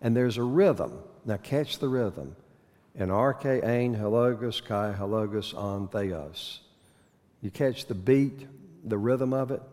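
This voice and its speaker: This man's mid-range, warm voice echoes with the long reverb of a hall as he teaches a Bible lesson. He keeps it conversational, asking his audience questions and working in corny puns.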